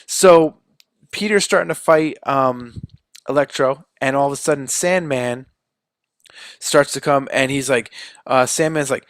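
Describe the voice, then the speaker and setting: Male podcast co-host, mid-pitched, chatty storyteller, dry sound. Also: a little slow, no room sound. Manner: loose storytelling, acting out quotes with fillers. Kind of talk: casual chat.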